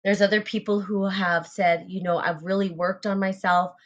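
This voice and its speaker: A woman's voice: medium pitch, little pitch movement, normal speed, dull audio. A woman hosting a spiritual group talk, speaking earnestly about self-love, repeating phrases and using fillers. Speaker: podcast host.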